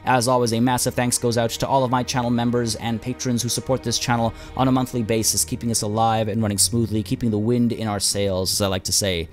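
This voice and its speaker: A man's voice: mid-range voice, flat delivery, fast talker, few pauses, faint music behind. A man hosting a game let's play, losing his voice as he thinks aloud with plenty of uhs and ums. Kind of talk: gameplay commentary.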